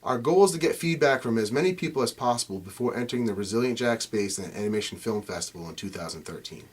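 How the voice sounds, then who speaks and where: A man who voices cartoon characters and co-creates the show, explaining his work in a relaxed way with some fillers. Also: lowish voice, fast. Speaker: voice actor and co-creator. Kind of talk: behind-the-scenes narration.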